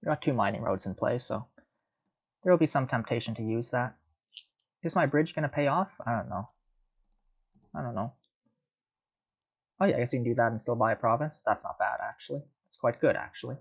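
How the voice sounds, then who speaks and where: A man's voice: medium pitch, brisk, creaky, long pauses, slightly rough, highs cut off. A man giving casual, rambling commentary while playing a card game, muttering and mocking himself.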